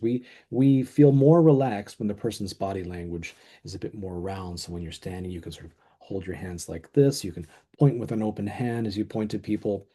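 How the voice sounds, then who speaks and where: A man's voice: lowish voice, dark tone, husky. A middle-aged man co-hosting a webinar on a video call, speaking reflectively, agreeing with his co-presenter and stumbling a little. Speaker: webinar co-host. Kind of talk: webinar discussion. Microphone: desk microphone on video call.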